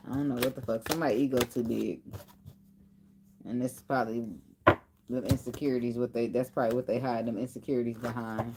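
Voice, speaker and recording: A woman's voice: a bass voice, level tone, quick pace, background noise. A woman giving a casual tarot reading, blunt and loose, swearing as she thinks aloud. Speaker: tarot reader. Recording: card shuffling and clicks behind the voice. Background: cards shuffling, clicks.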